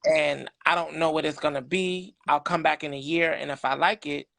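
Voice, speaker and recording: Brief: middle-aged man, podcast guest, gravelly voice, close dry mic, animated and frank. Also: on the high side, normal speed, no echo. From New York City. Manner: animated, candid, emphatic storyteller. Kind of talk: candid personal storytelling.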